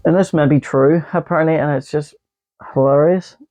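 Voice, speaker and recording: A man's voice: fairly high pitch, fairly even intonation, moderate pace, mellow. A man co-hosting a casual podcast, rambling and joking with lots of fillers. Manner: rambling, jokey, many fillers. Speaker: podcast co-host. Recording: dull lo-fi podcast audio.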